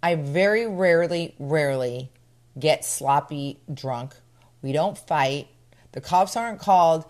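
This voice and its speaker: Middle-aged woman co-host, deep for a woman, breezy and teasing. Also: unhurried, a little mellow. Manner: chatty, sarcastic, talks openly about prices. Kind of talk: casual chat.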